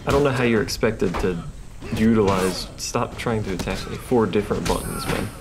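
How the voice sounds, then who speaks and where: Wry man with gravelly gameplay commentary. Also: fairly low pitch, normal speed, over loud music. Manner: wry, reads game text aloud between remarks. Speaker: let's play host.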